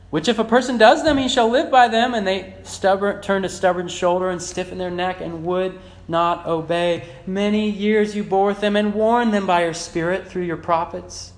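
A man's voice: sits high, normal speed. Fervent preacher man in an echoey church. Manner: swings from loud fervent emphasis to soft quiet reflection. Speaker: pastor. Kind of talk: sermon. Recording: echoey church room with faint hum.

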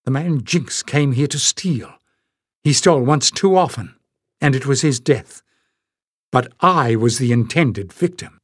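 A man's voice: medium pitch, expressive, unhurried, slightly rough, no echo. A man reading aloud, voicing a brave and earnest young woman in a storybook. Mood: resolute.

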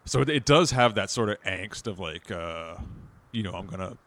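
Male co-host, very low voice, loose rambling fan talk. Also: expressive, fairly bright tone. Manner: rambling, halting, with many "like"s. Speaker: podcast co-host. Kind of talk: casual music discussion.

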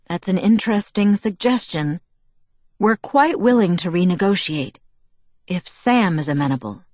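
Composed, courteous young vampire man, low and even, read by a woman narrator. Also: no room sound. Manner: perfectly polite, measured. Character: calm, polite young male vampire. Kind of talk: audiobook character reading.

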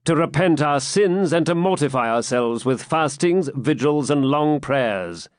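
A grave young pilgrim, as a man reads him, gives orders with quiet, firm authority. The lines rise and fall with lively pitch. The sound is close and dry. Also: a little slow, no room sound. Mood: scornful. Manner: grave, commanding, archaic speech. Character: stern commanding male pilgrim, young warrior.

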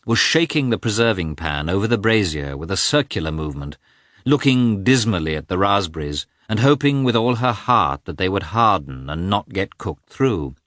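A man narrates a classic novel as an audiobook, storytelling in a measured, expressive manner. His voice is low-pitched, and the recording is studio quality with no echo.

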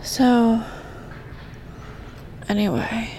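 A woman's voice: on the high side, very slow, dark tone, a little hiss or hum. A young woman telling a story in casual chat, profane, often dropping into whispered asides while doing squats.

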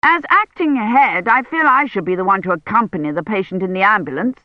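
A woman's voice: medium pitch, lively intonation, a little fast, dry recording, close to an everyday voice. A woman voicing a pompous officious man. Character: pompous self-important male administrator. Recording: dull lo-fi recording.

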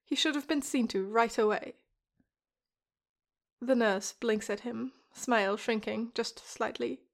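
A woman calmly reading a story aloud in a measured way. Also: a little high, gravelly. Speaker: podfic reader. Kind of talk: storybook narration.

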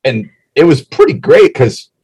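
A man's voice: mid-range voice, very animated, creaky, darkish tone, husky, low-quality recording. A man co-hosting a casual podcast, chatting about a reality show and rattling off plugs. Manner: chatty, reads plugs quickly. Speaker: podcast co-host.

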